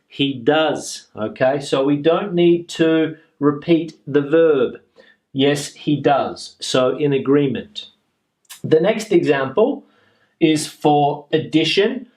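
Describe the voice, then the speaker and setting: Slow, patient male teacher. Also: a little high, darkish tone. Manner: slow, patient, repeats example sentences. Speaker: English teacher. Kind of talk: grammar lesson explanation.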